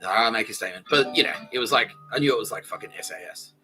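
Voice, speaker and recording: A man's voice: lowish voice, rapid-fire, pushed and bright, soft background music, rough recording. A man with an Australian accent, hosting a podcast and telling a rambling, profane comic story with frequent laughter. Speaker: podcast host. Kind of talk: rambling comedic monologue.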